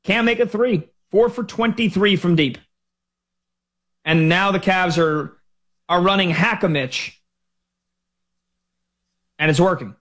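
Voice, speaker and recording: A man hosting sports talk radio, ranting in an animated, exasperated way into a studio microphone. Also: fairly high pitch.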